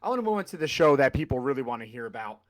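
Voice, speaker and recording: A man's voice: mid-range voice, sing-song, very fast. A man hosting a podcast in casual chat, steering the talk and teasing his co-hosts. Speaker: podcast host.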